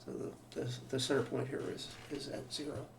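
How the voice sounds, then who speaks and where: A man with a gravelly mid-range voice teaches a math lecture at normal speed, his pitch fairly flat. He works through ideas aloud, restarting phrases and asking rhetorical questions. The sound is roomy, from a distant microphone, over a faint hum.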